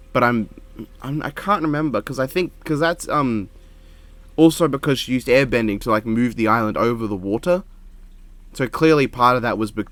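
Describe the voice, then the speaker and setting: A man talks through his reactions in a low-key, quiet monotone, circling back and restarting his thoughts as he goes. His voice sits in an ordinary middle pitch. It is recorded close on a microphone at home, with a dry, deadened sound. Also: no room sound. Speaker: reaction video creator. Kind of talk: casual reaction commentary. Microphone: desk microphone.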